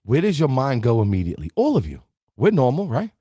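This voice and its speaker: Animated husky man hosting a live stream. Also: medium pitch, fast talker, dry recording, studio quality. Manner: animated, chats with viewers in the live chat. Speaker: host of a live positivity show. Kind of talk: live-stream motivational talk.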